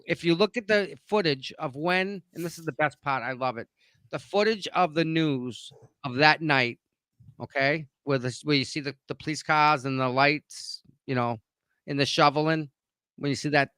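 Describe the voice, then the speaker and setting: A man's voice: fairly high pitch, moderate pace, sharp tone, clear, resonant tone, no room sound. A man with a Boston accent arguing his points emphatically in a livestream discussion, repeating himself for weight.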